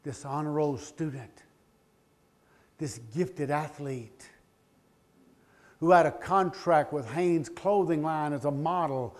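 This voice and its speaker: A middle-aged man on stage, telling a personal story as a speech. His voice sits a little high for a man. He swings dramatically between booming passages and hushed, heartfelt ones. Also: slow, pauses often. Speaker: public speaker.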